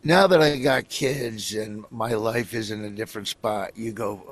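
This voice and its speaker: A man's voice: lowish voice, moderate pace. A middle-aged man from Nebraska, a comedian telling rambling stories in a casual interview, acting out other people as he goes.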